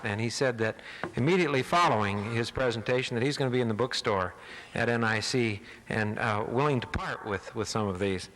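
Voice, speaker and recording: A man's voice: medium pitch, fairly bright tone, in a large hall, poor audio. Hesitant man introducing a speaker. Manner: hesitant, with many fillers. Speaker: event host introducing speaker. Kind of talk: formal introduction. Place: college lecture hall.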